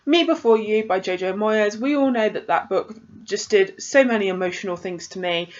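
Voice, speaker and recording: A woman's voice: medium pitch, moderate pace. Chatty woman, lo-fi. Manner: chatty, exasperated, lots of fillers. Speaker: book vlogger. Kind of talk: casual chat to camera.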